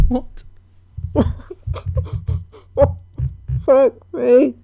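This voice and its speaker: A woman's voice: fairly high pitch, big pitch swings, slow pace, pauses often, a little mellow. A woman reacting to a clip at home, exasperated, swearing and breaking into laughter as she comments. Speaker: online commentator.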